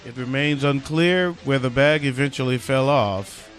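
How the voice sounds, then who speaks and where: A man's voice: mid-range voice, moderate pace, faint music behind. A man hosting a comedic news talk show, reading odd stories with loose, profane wisecracks. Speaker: podcast host.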